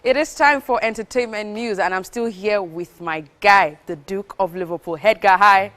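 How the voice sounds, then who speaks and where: A woman co-hosting a morning TV entertainment news segment, reading stories briskly and teasing her co-host between items. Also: mid-range voice, fairly bright tone. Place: TV studio.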